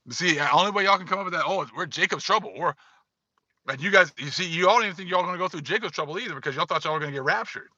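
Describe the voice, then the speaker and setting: A man's voice: sits high, very fast, bright, forceful tone, no echo, dull audio. A man giving casual livestream commentary, emphatic and repetitive, talking straight to his viewers. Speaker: online commentator.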